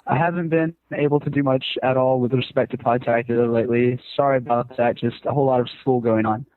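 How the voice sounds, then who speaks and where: A man guest-hosting a podcast, reading a listener's email aloud in a steady, plain way. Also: mid-range voice, quick pace. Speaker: guest co-host. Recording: tinny phone-like line.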